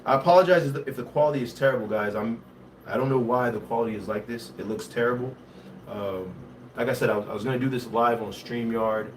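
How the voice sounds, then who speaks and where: A man's voice: medium pitch, fast. A young man hosting a casual livestream, reading viewer comments aloud and mixing in Haitian Creole. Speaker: livestream host. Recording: faint background noise, somewhat distant from mic.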